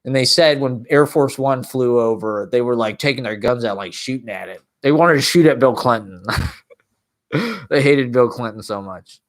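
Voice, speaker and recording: A man's voice: mid-range voice, moderate pace. Rambling, profane man telling a story. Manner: rambling, profane, laughs often. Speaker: podcast host. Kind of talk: casual storytelling monologue.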